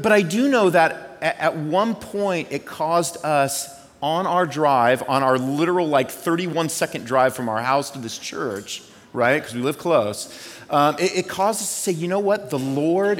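Pastor, male, slightly high voice, chatty sermon delivery, quiet asides and sudden bursts of excitement, long church reverb. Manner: conversational, swings from hushed reflection to excited storytelling. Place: church sanctuary. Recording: reverberant hall.

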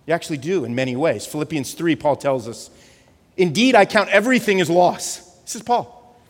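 A man preaching a sermon with passion, repeating words for emphasis and dropping softer for reflective passages. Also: on the high side, in a large hall. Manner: impassioned, repeats words when stressing a point. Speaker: pastor.

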